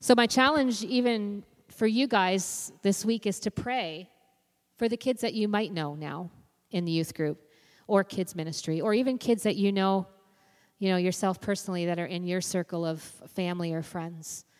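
A woman's voice: mid-range voice, normal speed. Young woman, youth minister type, casual sermon delivery heavy on fillers; recorded in a church with long echo. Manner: conversational, frequent "you know" fillers. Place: church sanctuary. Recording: long reverb of a church hall.

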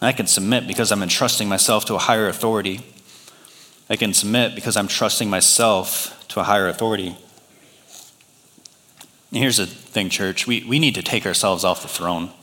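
Pastor, man, 30s, animated storyteller, bright tone, long church reverb. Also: lowish voice, fairly quick. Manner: animated storyteller acting out quoted voices. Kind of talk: sermon with a personal story. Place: large church hall.

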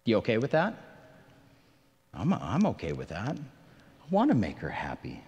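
A pastor delivers an earnest, conversational sermon in a church sanctuary, poking fun at himself and pressing the congregation with emphatic questions. His medium-pitched voice is unhurried, darkish and breathy, with huge swings in pitch, and the recording has the long reverb of a big hall with the highs cut off.

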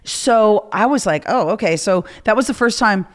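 A woman in her forties hosting a podcast, telling stories in casual, chatty recall. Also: mid-range voice. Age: 40s. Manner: chatty storytelling, quick recalls. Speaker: podcast host. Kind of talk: casual chat.

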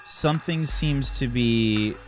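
A man narrating as game master of a sci-fi tabletop game, relaxed, with many fillers. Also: mid-range voice, slow pace.

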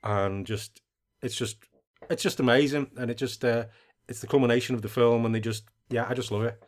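Male podcast co-host, keen but halting, lots of fillers, mid-range voice. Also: mid-range voice, fairly even intonation. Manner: enthusiastic, halting, many fillers. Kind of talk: casual podcast chat.

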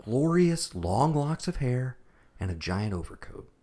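A man co-hosting a podcast, chatting casually about an old action movie, animated and profane, acting out lines from the film. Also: mid-range voice, a little slow. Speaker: podcast co-host. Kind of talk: casual movie review chat.

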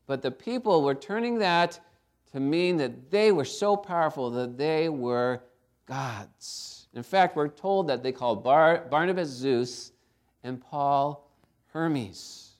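A man's voice: on the high side, animated, unhurried. A man preaching a sermon, emphatic, asking his listeners for responses. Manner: emphatic, calls for congregation responses.

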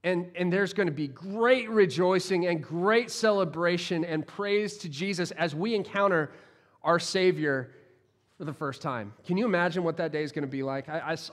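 A man, a pastor, delivering a sermon in a conversational, playful way with frequent restarts. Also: sits high.

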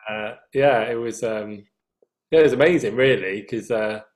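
A Northern English man with a mid-range voice talks at a moderate pace. He's a singer appearing as an interview guest, casually telling anecdotes and laughing at his own stories.

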